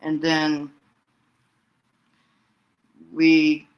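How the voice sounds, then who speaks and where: A man's voice: fairly high pitch, completely flat delivery, drawn-out words, lo-fi sound. A man giving a casual solo recap, rambling along with frequent restarts and fillers. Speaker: wrestling fan recapping storylines.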